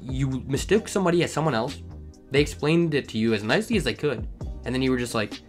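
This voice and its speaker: A man hosting a story channel who reads online stories aloud and breaks into animated, ranting comedic commentary. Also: mid-range voice, fast, soft background music.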